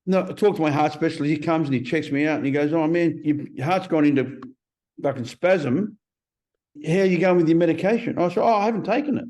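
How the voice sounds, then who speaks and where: A man in his fifties, a podcast guest telling stories in a blunt, profane, animated way. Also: a little high, a little fast. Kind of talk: casual interview storytelling.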